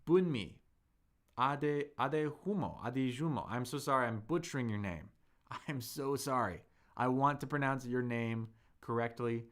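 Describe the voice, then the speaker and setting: A man hosting a live Chinese lesson, chatty and upbeat, reading viewer comments aloud and slowing down to model tones. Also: mid-range voice, a bit bright. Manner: reads viewer comments aloud and answers them. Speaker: Chinese teacher and livestream host. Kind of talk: live-streamed language lesson reading chat.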